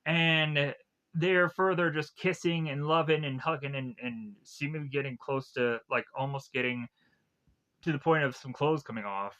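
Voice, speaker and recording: A man with a bright, forceful voice pitched a little high walks through a movie plot in a loose, rambling way. He circles back, restarts and stacks fillers as he goes, sounding like a casual reviewer talking off the cuff. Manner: rambling, filler-heavy retelling with quick acted quotes. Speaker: film reviewer.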